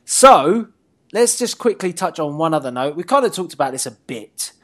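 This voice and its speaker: A man's voice: on the high side, sing-song, moderate pace, a bit bright. A man hosts a wrestling talk show in easygoing chat. His voice swings widely up and down as he teases his co-host, laughs often, and lets sentences trail off before he picks them up again. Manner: playful and teasing, laughs often, wanders mid-sentence. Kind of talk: casual chat.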